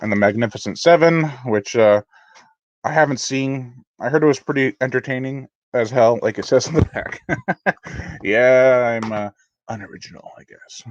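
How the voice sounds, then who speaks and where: A man's voice: mid-range voice, moderate pace, no echo, muffled recording. A man hosting a live unboxing stream in a casual, rambling, self-deprecating way, often restarting his sentences. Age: adult. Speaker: horror channel host.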